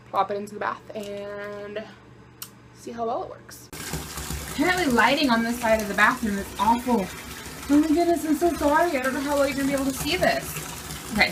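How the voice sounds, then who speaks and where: A woman in her twenties chatting casually to her phone camera in a vlog, excitable and quick to laugh. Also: fairly high pitch, noisy background. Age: 20s. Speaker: vlogger.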